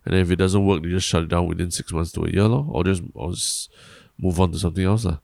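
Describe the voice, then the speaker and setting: Podcast co-host: Singaporean man, deep gravelly voice, rambly and hesitant, dry close sound. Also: fairly even intonation, fast, darkish tone, dry recording. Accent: Singaporean English. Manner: rambling, hesitant, many restarts and fillers. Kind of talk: casual chat.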